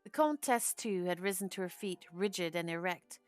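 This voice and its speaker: A woman narrating a classic novel as an audiobook in a measured storytelling manner. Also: fairly low pitch, dry recording, faint music behind.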